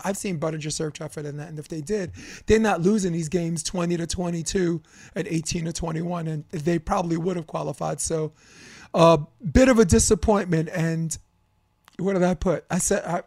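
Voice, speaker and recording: A man's voice: on the high side, a little mellow, dry recording, studio quality. Opinionated man hosting a sports podcast. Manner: opinionated, candid, rambling with fillers. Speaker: podcast host, volleyball coach and commentator. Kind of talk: casual sports debate podcast talk.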